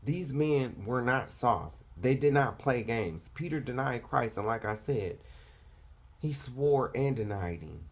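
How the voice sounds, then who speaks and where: A man's voice: mid-range voice, expressive, a little slow. A man preaching a confrontational, fiery sermon, lecturing his listeners.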